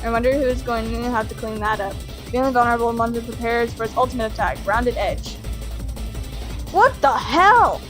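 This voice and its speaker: A woman reading a dating game's text aloud as she plays, excitable and quick to laugh, with mock outrage. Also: on the high side, soft background music. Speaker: gaming streamer. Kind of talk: let's play commentary, reading game text aloud.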